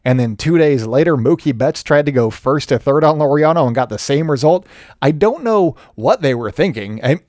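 A man's voice: a little high, animated, moderate pace, a little mellow, no echo, studio quality. A man hosting a solo sports podcast in a chatty, joking and self-deprecating way. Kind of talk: casual solo podcast commentary.

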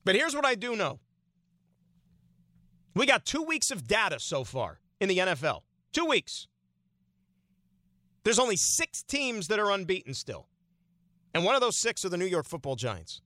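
A man's voice: high-pitched, huge pitch swings, moderate pace, long pauses, pushed and bright, no echo. A man hosting a sports talk radio show, giving an opinionated monologue full of rhetorical questions.

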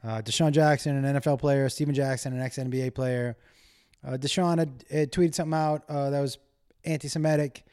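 A man of ordinary pitch talks to his listeners in a loose, unscripted monologue. He rambles from one crude anecdote to the next and pokes fun at himself. His casual delivery keeps wandering off topic. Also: steady tone, brisk, darkish tone, smooth. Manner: rambling, digressive, self-deprecating, crude humor. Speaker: solo podcast host.

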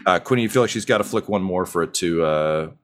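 A man with a lowish voice narrates a tabletop role-playing game as game master. He rambles casually, fills pauses with ums and uhs, and chuckles as he goes. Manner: relaxed and rambling, many fillers, laughs easily.

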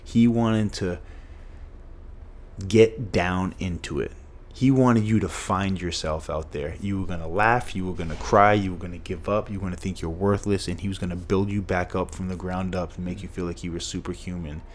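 A man's voice: low voice, fairly even intonation, moderate pace, slight background noise. A middle-aged man from Massachusetts, a former football player telling stories as a podcast guest, emphatic and fond of repeating phrases for punch. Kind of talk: storytelling in a podcast conversation.

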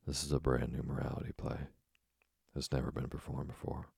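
A man reading the part of an eager, confident young male poet in a sleep story, speaking calmly and assuredly. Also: extremely low pitch, fairly quick, vocal fry, slightly rough, no echo, clean studio sound, exaggerated voice.

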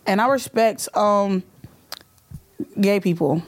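A woman's voice: mid-range voice, slow, a little hiss or hum. Playful young woman hosting a podcast.

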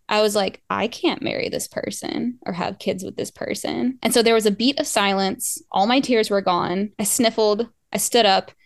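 A woman's voice: medium pitch, dry recording, clean studio sound. A woman telling a long personal breakup story on a podcast in a casual, rambling way, with casual swearing. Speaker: podcast guest.

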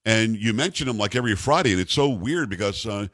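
A radio talk show host, a man with a bass voice, spinning a story in a lively, swooping delivery and slipping into voices for its characters. He is heard on a studio mic with dry, close sound. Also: quick pace, dry recording. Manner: animated, jokey, puts on voices for the people in his stories. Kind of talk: casual on-air storytelling. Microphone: studio microphone.

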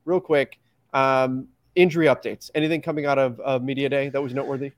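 A man hosting a basketball podcast, steering the topics in brisk casual chat. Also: medium pitch, fairly even intonation, no room sound. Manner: steers the talk, brisk and chatty. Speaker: podcast host.

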